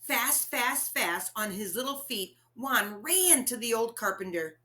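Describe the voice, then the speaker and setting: A woman reads a picture book aloud to children, slowly and very expressively. Her voice is bright and a little high, and she stops to ask her listeners questions. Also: expressive. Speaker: storyteller reading to children.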